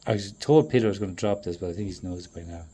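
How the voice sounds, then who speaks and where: A man in a profane, rambling monologue that swings between loud outbursts and low muttering. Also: rapid-fire, slightly rough. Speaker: traveling performer.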